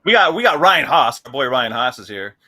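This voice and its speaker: A man's voice: medium pitch, sing-song, brisk, pushed and bright, no room sound, clean studio sound. A man co-hosting a casual podcast, playful and jokey as he reads out viewers' names. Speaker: podcast co-host. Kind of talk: casual live-stream chat.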